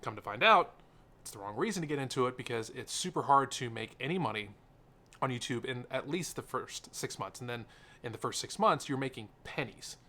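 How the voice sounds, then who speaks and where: Bright-voiced young man rambling to camera. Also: mid-range voice, animated, a little fast. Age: young adult. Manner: rambling, sidetracked, many fillers; earnest and openly emotional. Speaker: tech YouTuber. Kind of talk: unscripted sit-down vlog. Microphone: camera mic, seated talking to camera.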